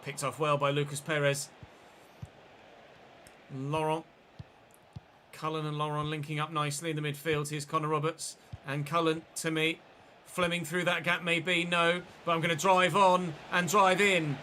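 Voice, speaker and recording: A man live-streaming a football video game, chatting and commentating on his own play with quick excited outbursts. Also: fairly high pitch, slight background noise.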